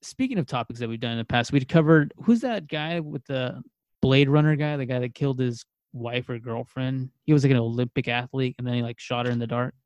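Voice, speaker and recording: A man's voice: mid-range voice, a little fast, darkish tone, smooth, no echo, highs cut off. A man co-hosting a podcast, easygoing and filler-heavy, laughing between his questions. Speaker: podcast co-host. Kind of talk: casual podcast interview.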